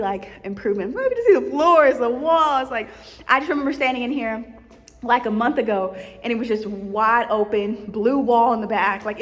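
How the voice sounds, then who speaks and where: Young woman vlogger, high voice, fervent and preachy, echoey empty office. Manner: fervent and preachy, with quiet prayerful asides. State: out of breath. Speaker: vlogger and ministry leader. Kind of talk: casual inspirational vlog talk. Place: empty office room, indoors. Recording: long room reverb.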